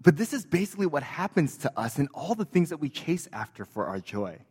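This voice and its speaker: A man's voice: on the high side, sing-song, brisk, a little mellow, slightly rough, big-room sound. A man preaching a sermon as pastor, conversational and joking, with casual fillers and asides.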